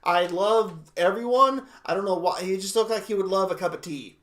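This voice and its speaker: A young man hosting a casual reaction livestream, excitable and exclamatory, laughing often. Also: sits high, moderate pace. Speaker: livestream host.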